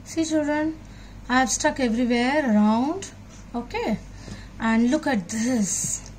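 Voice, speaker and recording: A woman teaching young children a craft, speaking slowly and patiently in a fairly high voice. She keeps asking her young audience questions as she works. Faint noise sits behind her. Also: animated, darkish tone.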